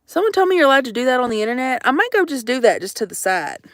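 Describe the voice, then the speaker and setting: A woman's voice: sits high, big pitch swings, very fast, a bit bright, no echo, studio quality. A young woman rambling to her livestream viewers in a jokey, profane, casual chat from out in the woods. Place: outdoors in the woods.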